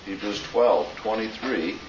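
Man, low voice, emphatic theology lecturer, distant muffled room mic. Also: background noise. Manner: emphatic and deliberate, quoting Greek phrases. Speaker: theology teacher. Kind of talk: classroom lecture. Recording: muffled, roomy, distant classroom recording.

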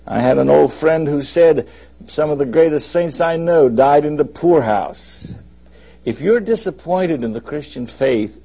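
A husky male preacher delivers a folksy, emphatic sermon, his voice swinging between high and low. His tone is mellow and dark. The recording is dull and muffled. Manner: folksy, emphatic preaching with lively rises and drops.

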